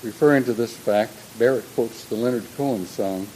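A man's voice: medium pitch, normal speed, hardly any pauses, mellow, slight background noise, poor audio. An older man speaking in a thoughtful, lecture-like way, with frequent restarts and personal asides. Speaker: speaker on humor and religion. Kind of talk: reflective lecture-style talk.

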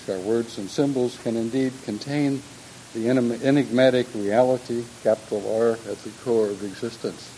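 A man's voice: mid-range voice, mellow, slight background noise, rough recording. An older man speaking in a thoughtful, lecture-like way, with frequent restarts and personal asides. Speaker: speaker on humor and religion. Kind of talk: reflective lecture-style talk.

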